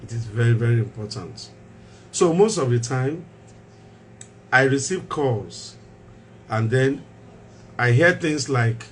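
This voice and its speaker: A man's voice: mid-range voice, lively intonation, takes it slowly, pauses often, slight background noise. A man hosting a mental health talk show as a doctor, speaking emphatically, repeating key phrases and asking rhetorical questions.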